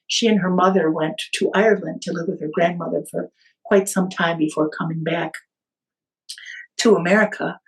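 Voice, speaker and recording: A woman podcast guest retelling a family story in conversation, animated, with small hesitations and restarts. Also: lowish voice, rough recording.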